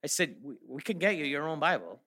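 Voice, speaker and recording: A man's voice: on the high side, very animated, brisk, background noise. A middle-aged man giving a sermon, telling stories and then rising to emphatic preaching. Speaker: guest speaker.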